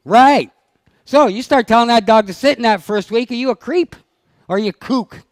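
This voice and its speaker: A man's voice: very high voice, normal speed, no room sound. A man leading a dog training seminar, blunt and teasing as he fires questions at his audience. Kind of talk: live seminar talk to an audience. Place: seminar room.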